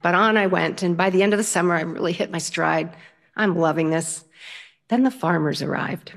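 Lively older woman telling a story. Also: fairly low pitch, brisk, vocal fry. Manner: lively, self-mocking, humorous. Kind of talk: personal story told to an audience.

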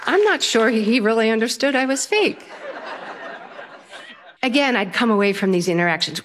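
An older woman telling a personal story to an audience, with an animated, playful delivery and frequent laughter. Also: fairly high pitch, moderate pace, pauses often, a faint crowd.

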